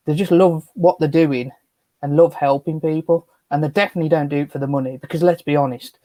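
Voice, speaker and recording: A fairly high-voiced man, co-hosting a chatty podcast. He speaks earnestly and stumbles over restarts. The sound is dry and close. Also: fairly even intonation, brisk, mellow, no echo. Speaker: podcast co-host. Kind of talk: casual chat.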